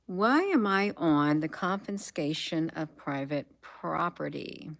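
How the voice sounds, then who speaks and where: A woman's voice: deep voice, lively intonation, takes it slowly, creaky, few pauses. A woman hosting a casual livestream, reading headlines aloud, musing to herself and trailing off with frequent ums. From United States. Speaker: livestream host.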